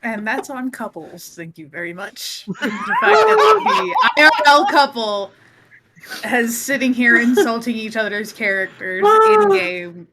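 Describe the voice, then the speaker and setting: A woman's voice: a little high, sing-song, a little slow, heavy background noise. A woman, a player in casual chat, wry and teasing.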